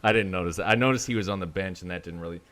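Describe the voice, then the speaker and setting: A man's voice: low voice, rapid-fire, a bit bright. A man co-hosting a podcast, recapping a film plot in casual chat with dry asides. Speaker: podcast co-host. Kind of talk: casual movie review chat.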